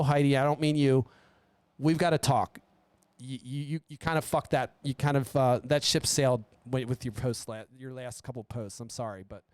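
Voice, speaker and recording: A man's voice: mid-range voice, smooth, no echo. A man hosting his own show, ranting alone in a blunt, rambling way and swearing a lot. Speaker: podcast host. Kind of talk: profane solo rant. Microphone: studio mic.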